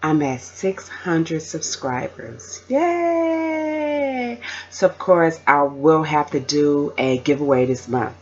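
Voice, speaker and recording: A woman's voice: sits low, steady tone, a little slow, few pauses, breathy edge, highs cut off. A woman vlogger chatting casually and rambling to her camera.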